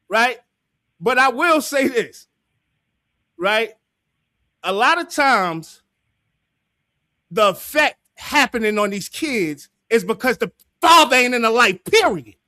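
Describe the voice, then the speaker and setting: Man, livestream host, very high voice, lively, bright, emphatic and argumentative. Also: takes it slowly, pauses often, dry recording, clean studio sound. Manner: emphatic, argumentative, repeats himself, profane. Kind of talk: heated panel discussion.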